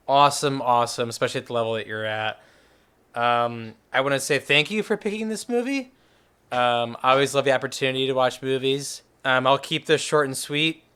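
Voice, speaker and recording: Smooth-voiced male podcast co-host. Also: mid-range voice, fairly bright tone. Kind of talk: casual chat.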